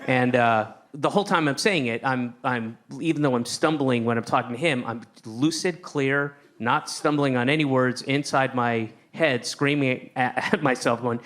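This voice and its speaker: A man doing a stand-up routine, telling a rambling story with lots of restarts and sudden shouted outbursts. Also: mid-range voice, normal speed, few pauses. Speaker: stand-up comedian. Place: comedy stage with a live audience.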